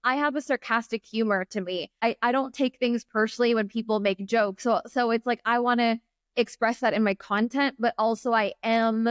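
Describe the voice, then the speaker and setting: A woman's voice: a little high, steady tone, normal speed, clean tone, no room sound, clean studio sound. A woman guest on a podcast, a business mentor talking in an earnest, reflective way with lots of "like". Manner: reflective, earnest, filler-heavy with "like". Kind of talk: casual interview chat.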